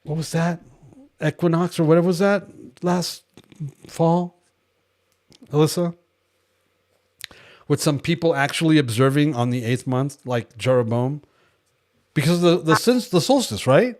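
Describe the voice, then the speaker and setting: With a darkish, higher-pitched voice, this Californian man speaks a little slowly and pauses often. He's leading a devotional Bible study in a casual teaching manner, animatedly telling stories, voicing the people he quotes and adding wry jokes on the side.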